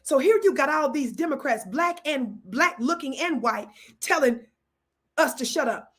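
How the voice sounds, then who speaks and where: High-voiced woman preaching to her chat. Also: lively intonation, moderate pace. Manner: preacher-like, calls out to audience, blesses viewers. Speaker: livestream host. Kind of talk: live-stream commentary reading chat.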